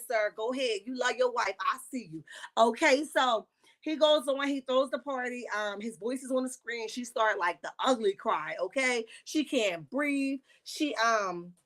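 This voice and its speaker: A woman, recapping a reality show on a casual livestream with sassy, animated asides. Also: fairly high pitch, moderate pace.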